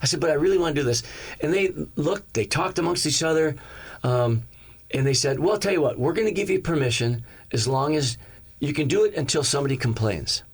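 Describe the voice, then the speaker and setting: A man preaching as a pastor, telling a personal story in a lively way and acting out the lines of each person in it. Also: a little high, fairly quick, husky. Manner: animated, acts out each character's lines in the story. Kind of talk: storytelling sermon.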